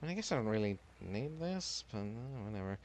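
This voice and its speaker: A man's voice: lowish voice, big pitch swings, normal speed, darkish tone, slight background noise. A man in a casual tabletop role-play session, exasperated and swearing freely as he narrates his own actions.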